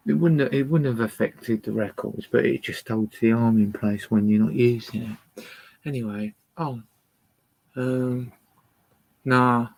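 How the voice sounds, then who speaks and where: A man's voice: mid-range voice, fairly even intonation, measured pace, vocal fry, a little mellow, low-quality recording. A man hosting a casual livestream from a boat, ranting angrily and swearing at viewers between records. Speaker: livestream host playing records. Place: indoors on a boat.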